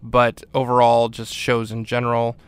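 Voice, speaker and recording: A man's voice: medium pitch, normal speed, smooth, no echo. A man hosting a podcast, giving a casual, rambling recap of a TV episode with frequent fillers. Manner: relaxed, rambling with many fillers. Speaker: podcast host.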